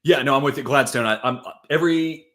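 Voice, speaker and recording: A man's voice: medium pitch, fairly bright tone. A man co-hosting a football podcast, talking loosely and throwing in "dude" and "like" as he goes. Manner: quick, loose, peppered with "dude" and "like". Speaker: fantasy football podcast co-host. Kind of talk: casual sports chat.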